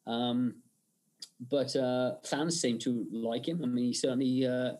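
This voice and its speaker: Man, interview guest, mid-pitched voice, rambling storyteller, chatty podcast talk. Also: fairly even intonation, unhurried, a little mellow. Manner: rambling storyteller, frequent fillers and restarts. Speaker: guest, film director and effects artist. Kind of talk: conversational interview.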